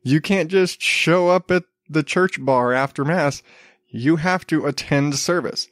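A man's voice: on the high side, a little slow, a bit bright, dry recording. A man in his thirties hosting a solo podcast, chatting casually and rambling with frequent restarts. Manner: rambling, self-interrupting with restarts. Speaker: podcast host.

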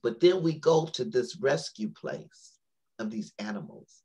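A woman, a poet and author, telling a long personal story on an interview show in a rambling, animated way, full of fillers and restarts. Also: very deep voice, unhurried, slightly rough.

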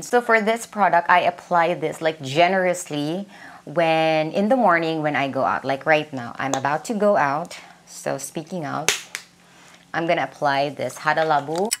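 A young Filipino woman with a Cebuano accent, chatting casually at home about her skincare and mixing Cebuano words into her English. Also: low-pitched. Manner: chatty, mixes Cebuano into English, many fillers and "like". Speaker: beauty vlogger. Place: indoors at home.

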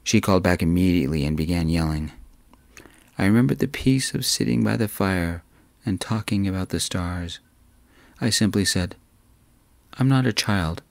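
A man reading a romance story aloud in a calm, soft-spoken narrating voice. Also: low-pitched, normal speed, creaky, no echo.

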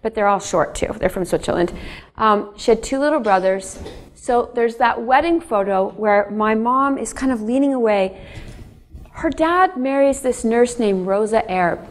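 A woman's voice: on the high side, normal speed. A middle-aged woman author giving a lecture, telling family stories in a chatty way and often turning to the audience with asides. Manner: chatty, addresses audience directly, animated asides. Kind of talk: public lecture, storytelling.

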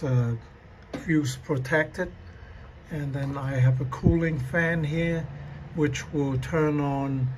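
Slow, plain-spoken man showing his gear. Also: a little high, a little mellow, a little hiss or hum. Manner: unhurried, plain-spoken, with pauses and fillers. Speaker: DIY video maker. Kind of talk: casual show-and-tell narration. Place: garage and yard, partly outdoors.

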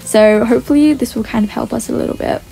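A woman with a fairly high voice talks through her gameplay in a chatty commentary. She keeps up a running narration of what is happening and reads other players' chat messages aloud along the way. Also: fast talker, vocal fry, warm tone, slightly rough. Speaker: gaming channel host.

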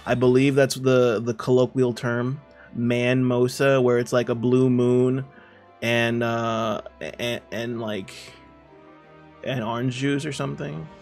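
A man chatting casually on a live game stream, reading viewer messages aloud and joking around in a playful, rambling way. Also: medium pitch.

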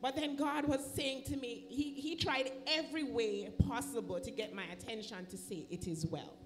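A woman's voice: on the high side, moderate pace, slight background noise. A woman with a Jamaican accent giving an emotional personal testimony in church, acting out the voices of the people in her story. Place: church sanctuary.

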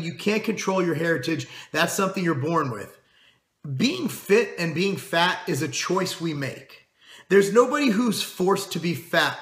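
Middle-aged man, fitness host, bright forceful voice, blunt and profane, echoey room. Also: on the high side. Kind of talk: casual monologue to camera.

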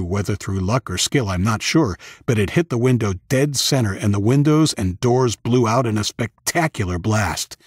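A man narrating a first-person audiobook in a steady, even storytelling manner. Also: on the low side, husky, no echo, clean studio sound.

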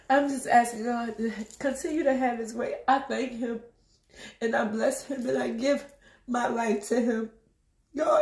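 A woman's voice: sits high, darkish tone, reverberant. A woman preaching an emotional testimony while crying, repeating herself and urging her listeners on. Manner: emotional, repetitive, exhorting. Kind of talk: tearful spoken testimony.

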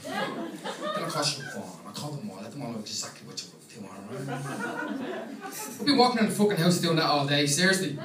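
A man's voice: fairly high pitch, very animated, fairly quick. An Irish man in his thirties doing a cheeky, chatty stand-up set in a small comedy club. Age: 30s. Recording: echoey club from far off, crowd behind.

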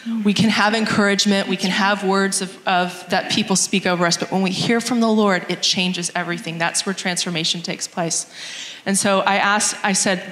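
A mother sharing her testimony with a church gathering reflects earnestly on how prayer reshaped her motherhood, reading scripture aloud. Her mid-range, slightly bright voice keeps a moderate pace and fairly even intonation, echoing with long reverb in the church hall.

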